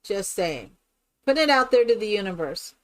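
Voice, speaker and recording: A woman's voice: medium pitch, big pitch swings, normal speed. A woman streaming a game live, chatting casually with viewers in a rambling, exclamatory way. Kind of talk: casual live-stream chat while playing.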